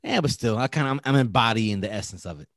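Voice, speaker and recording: A man's voice: mid-range voice, animated, fast talker, no echo, clean studio sound. A man hosting a podcast in loose, profane casual chat, a bit tipsy from drinking. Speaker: podcast host.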